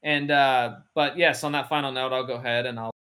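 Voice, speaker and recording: A man co-hosting a relaxed gaming podcast. He talks in loose, rambling stretches, full of "um", "like" and restarts, at a middle pitch. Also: fairly quick, slight background noise. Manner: loose, rambling, filler-heavy talk. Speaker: podcast co-host. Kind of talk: casual chat.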